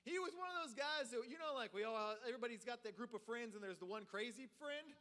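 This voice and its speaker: A man preaching a storytelling sermon in a church, animated and full of filler words. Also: very high-pitched, fast talker. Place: church sanctuary. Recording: reverberant hall.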